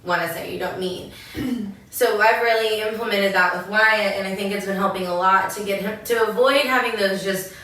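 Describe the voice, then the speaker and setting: A young woman with a bright, forceful voice chats earnestly about everyday life as a podcast co-host. She sounds set back from the microphone in a very echoey room. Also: mid-range voice, normal speed. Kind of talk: casual chat. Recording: echoey room, mic far off.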